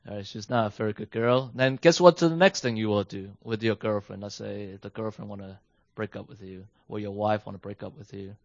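A man teaching a lesson, animated and questioning his listeners as he explains, switching between English and Mandarin. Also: fairly low pitch, a little fast, vocal fry, no echo, muffled recording. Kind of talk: bilingual class lesson. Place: home with a basement.

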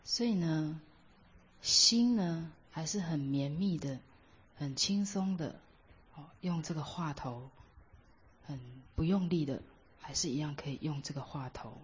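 A woman teaching Buddhist meditation, explaining each point with examples in a measured way. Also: low voice, slight background noise. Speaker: dharma teacher. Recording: dull lo-fi recording.

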